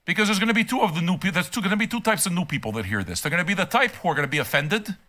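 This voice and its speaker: An older man with a high, bright voice that swings widely in pitch. He talks bluntly and swears freely. His rants keep climbing into angry shouts. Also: expressive, racing. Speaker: music reaction host. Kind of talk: profane rant on a music reaction stream.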